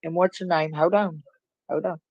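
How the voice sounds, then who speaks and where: A middle-aged woman with a deep, steady voice calls in to a livestream for a casual chat at a moderate pace. She comes across as blunt and outspoken, with a motherly streak. The call-in audio is dull and muffled.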